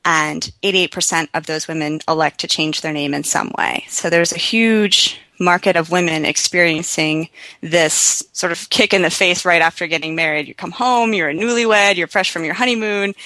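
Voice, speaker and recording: Guest founder, woman, bright lower voice, dry close sound, animated storyteller. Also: no room sound, rough recording. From United States. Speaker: guest entrepreneur. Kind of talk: interview.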